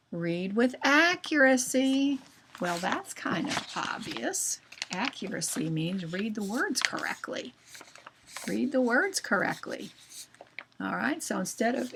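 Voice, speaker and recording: A woman's voice: on the high side, gravelly, a little hiss or hum. A woman teacher explaining reading fluency to children in simple words, often checking in with them. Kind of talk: classroom reading lesson for children.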